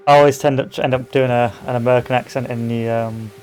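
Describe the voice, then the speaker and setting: A man's voice: medium pitch, fairly even intonation, quick pace, darkish tone, faint music behind. A British man commentating casually on a game he is playing, chatty and jokey. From Britain. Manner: chatty, jokey, puts on silly accents. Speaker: gaming streamer. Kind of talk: casual let's-play commentary.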